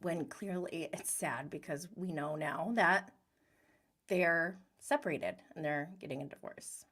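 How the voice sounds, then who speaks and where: A woman's voice: low-pitched, measured pace, a bit bright. A young woman casually recapping a reality show, chatty and giggly, acting out the cast's lines. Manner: chatty, giggly, acts out quotes.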